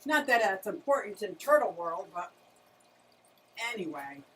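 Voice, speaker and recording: A woman's voice: medium pitch, big pitch swings, measured pace, slight background noise. Chatty woman streaming about her turtles. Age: middle-aged. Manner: chatty, greets viewers, talks to her animals. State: out of breath at times. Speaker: turtle keeper livestreaming. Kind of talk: casual livestream chat.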